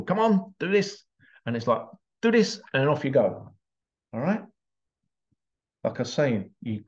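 Storytelling dad, casual motivational talk. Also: male voice, medium pitch, a little mellow, highs cut off. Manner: storytelling, acting out dialogue. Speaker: parent giving life advice.

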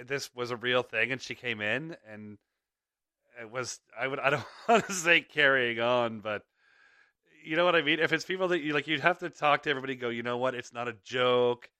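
This mid-range male voice is sharp and clean, recorded in a studio with no echo. He hosts a podcast, chatting in a loose, rambling way and laughing softly between ideas, while an ear infection adds a faint clicking to his speech.

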